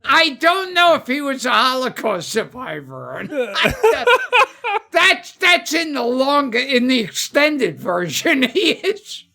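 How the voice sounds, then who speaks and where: A male comedian telling jokes on a podcast in a slow, unhurried delivery. His voice is sharp and bright. He halts often with uh and um and chuckles at his own punchlines. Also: extremely high pitch, very animated, gravelly. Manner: halting, full of uh and um, laughing at his own jokes. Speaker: comedian guest. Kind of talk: joke-telling podcast chat.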